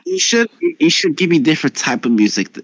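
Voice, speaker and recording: Halting man playing a tabletop game. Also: on the high side, huge pitch swings, no room sound, poor audio. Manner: unsure, halting, repeats himself. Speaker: player. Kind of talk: casual game chat.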